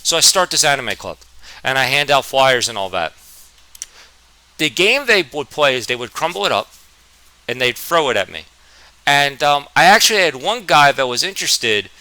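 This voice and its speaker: A young man from New Jersey telling a storytime vlog, with a halting, stammering, self-deprecating manner. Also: medium pitch, bright, forceful tone, clean tone, dry recording, poor audio. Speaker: vlogger.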